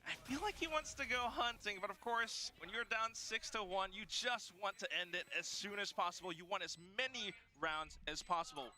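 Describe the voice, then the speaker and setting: A man's voice: sits high, animated, normal speed, hardly any pauses, bright, forceful tone. A man calling esports play-by-play with dramatic rising and falling calls. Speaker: play-by-play caster.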